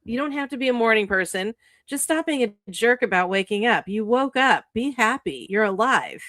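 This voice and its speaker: Animated woman giving a profane pep talk. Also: on the high side, normal speed, dry recording, studio quality. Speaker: co-host, author. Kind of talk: casual motivational chat.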